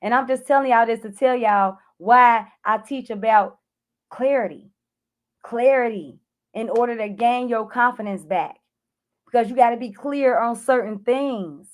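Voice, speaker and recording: A woman's voice: a little high, measured pace. A woman clarity coach telling an emotional personal story to camera, addressing viewers directly and acting out her own frantic cries for help. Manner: animated, addresses viewers as y'all, acts out her own panicked shouts.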